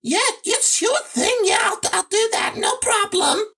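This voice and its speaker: A man with a Teesside accent voicing a flustered, high-voiced female desk officer in a comedy sketch. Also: unhurried, gravelly, far from the mic, full character voice.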